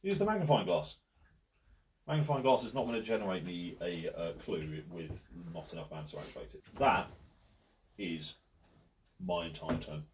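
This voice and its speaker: A man's voice: low-pitched, lively intonation, normal speed, long pauses, a little hiss or hum. A man hosting a casual card game, playfully reading out card rules and his plays. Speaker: host and player. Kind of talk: casual tabletop game play.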